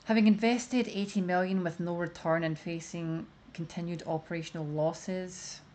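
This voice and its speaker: A woman's voice: fairly low pitch, steady tone, moderate pace, a little mellow. A woman streamer giving casual commentary, rambling with lots of "like" as she explains her view. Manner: rambling, many fillers of "like".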